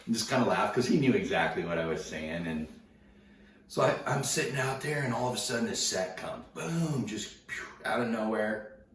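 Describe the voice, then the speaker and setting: A man casually telling a story to an audience, laid-back and slangy, animated as he recounts it. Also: fairly low pitch, a little fast. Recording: roomy, distant mic, faint noise.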